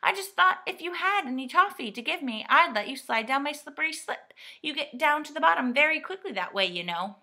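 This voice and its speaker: A woman voicing a cheerful, toffee-loving moon-faced man in a storybook, talking in a loud, beaming way. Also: high voice, expressive, brisk, voice pushed up, heavily acted.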